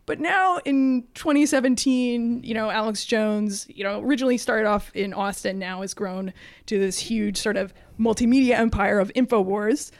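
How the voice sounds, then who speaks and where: A woman co-hosting a casual film podcast, talking in an animated, sardonic way and mimicking people she quotes. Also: fairly high pitch, normal speed, dry recording. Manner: animated, mocking quotes in a raised voice. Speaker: podcast co-host.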